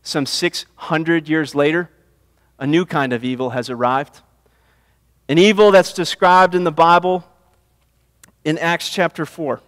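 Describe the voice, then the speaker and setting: A man's voice: on the high side, a little slow, long pauses, a bit bright, long reverb tail. A man preaching a sermon as pastor, building to impassioned emphasis and repeating his phrases. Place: church sanctuary.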